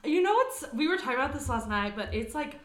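A young woman co-hosting a casual podcast, telling stories in a chatty, animated way with lots of "like". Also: sits high, fast, roomy sound. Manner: chatty, animated storytelling with frequent "like". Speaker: podcast co-host.

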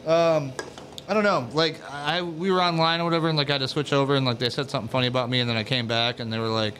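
A man co-hosting a casual podcast from a garage, telling stories loudly and profanely, a little tipsy from drinks. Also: medium pitch, fast, slight background noise. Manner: loud, profane, animated storyteller. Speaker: podcast co-host. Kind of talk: casual chat.

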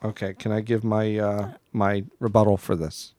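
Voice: mid-range voice, level tone, normal speed, mellow, no echo, studio quality. A podcast co-host in their forties, bantering in a teasing, skeptical way with mock-courtroom jokes. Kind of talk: casual banter.

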